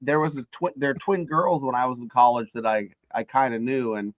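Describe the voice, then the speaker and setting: A man's voice: medium pitch, fairly even intonation, a little fast, dry recording, dull audio. Laid-back man in casual podcast chat.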